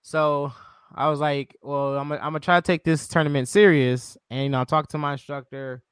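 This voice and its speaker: A man's voice: on the high side, a little fast, smooth, no room sound, clean studio sound. A man hosting a podcast, chatting casually and telling stories with many fillers. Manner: relaxed, many "you know" fillers, quotes himself. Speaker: podcast host. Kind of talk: casual chat.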